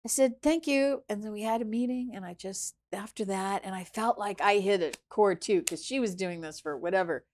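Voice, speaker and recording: A woman chef, a guest in an interview, tells a story with a voice of middling pitch. She keeps slipping into the voices of the people she quotes and moves between hushed asides and loud outbursts. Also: fairly quick, few pauses. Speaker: chef and restaurant founder, guest.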